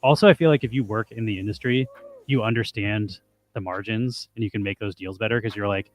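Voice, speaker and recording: A young man co-hosting a casual podcast, telling grocery store stories with plenty of swearing. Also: on the low side. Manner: swearing, rapid storytelling. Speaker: podcast co-host. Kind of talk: casual chat.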